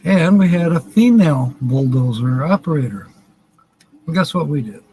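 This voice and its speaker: A man hosting a live stream, talking to his viewers in a rambling, folksy way. His voice sits a little high for a man, and he cracks jokes as he goes. A faint ambient hum runs underneath. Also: lively intonation, moderate pace, dark tone, poor audio. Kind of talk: casual live stream chat.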